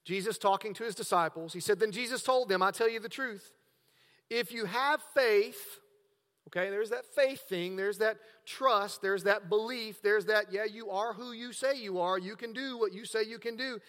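A man preaching a sermon as pastor, swinging between hushed, drawn-out words and emphatic, raised passages. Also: sits high, big-room sound.

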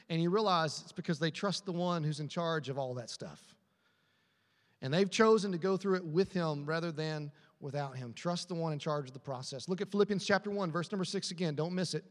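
A man preaching to his congregation in an emphatic, repetitive style, pausing for the crowd to call back answers. His voice sits high, and it rings through a church auditorium with a long reverb tail. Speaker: pastor. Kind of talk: sermon.

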